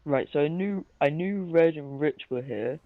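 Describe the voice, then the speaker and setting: A man's voice: a little high, normal speed, a little hiss or hum. A man joking around in casual stream chat. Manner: jokey, playful. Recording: muffled lo-fi mic.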